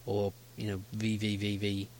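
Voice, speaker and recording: Fields: Sex: man. Role: podcast co-host. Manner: animated and argumentative. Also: on the low side, a little hiss or hum. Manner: animated, argumentative, quick to laugh. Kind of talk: casual podcast chat.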